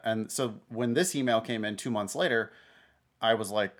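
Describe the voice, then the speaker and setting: Laughing, animated man co-hosting a podcast. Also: on the low side, a little slow, long pauses. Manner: animated, laughing, self-interrupting. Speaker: podcast co-host. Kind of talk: casual podcast chat.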